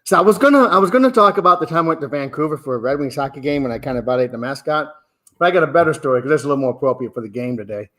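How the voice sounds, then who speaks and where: Brief: man in his sixties, loud, profane, casual storyteller with a fairly high voice. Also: very fast. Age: 60s. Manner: rowdy, profane, laughing storyteller. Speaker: podcast regular telling a story.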